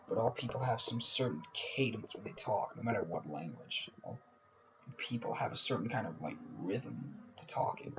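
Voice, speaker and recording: Male horror-story reader, lowish voice, casual and profane, slips into whispers. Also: noisy background. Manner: casual and profane, often dropping to a hushed whisper. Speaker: narrator. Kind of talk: reading a horror story aloud.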